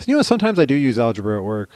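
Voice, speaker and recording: Deadpan, joking man, dry close mic. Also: mid-range voice, rapid-fire, no echo. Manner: deadpan, self-mocking jokes. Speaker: podcast co-host. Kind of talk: casual chat.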